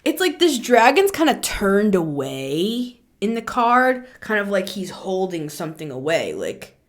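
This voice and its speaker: Woman, tarot reader, chatty, lively pitch, laughs often. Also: measured pace. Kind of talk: casual spiritual tarot reading to camera.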